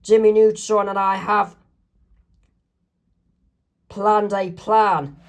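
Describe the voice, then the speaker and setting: Man reading as excitable boy, eager, pitched up. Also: very slow, exaggerated voice.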